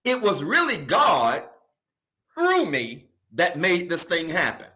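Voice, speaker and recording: Guy preaching, highish voice, big swings up and down, keeps repeating himself. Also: slow pace. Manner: animated preaching, swings from loud emphasis to soft asides; colloquial, repeats key phrases. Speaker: pastor. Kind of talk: sermon.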